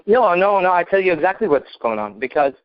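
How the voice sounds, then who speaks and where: A man's voice: high voice, big pitch swings, brisk, dry recording, muffled recording. A man co-hosting a podcast, giving emphatic, profane dating advice and acting out sample conversations. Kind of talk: animated casual advice talk.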